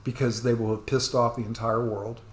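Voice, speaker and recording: A man rambling through an earnest, apologetic rant as a commentator reacting to the news, breaking into sudden loud bursts. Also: mid-range voice, level tone, moderate pace, reverberant. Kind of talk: rambling ranting monologue.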